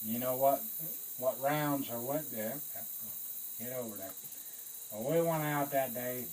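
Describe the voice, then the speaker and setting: A man, a Vietnam veteran, telling a war story in an animated way, swearing and acting out the voices of others. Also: mid-range voice, a little slow, slight background noise, low-quality recording. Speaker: Vietnam veteran recounting service.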